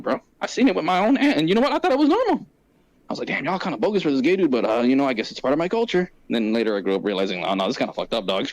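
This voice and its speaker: A man hosting a gaming podcast rattles on in a quick, animated way. He is profane and full of slang, and he jumps between tangents. His voice rises and falls a lot. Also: a little high, low-quality recording. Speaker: podcast host. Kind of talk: casual chat.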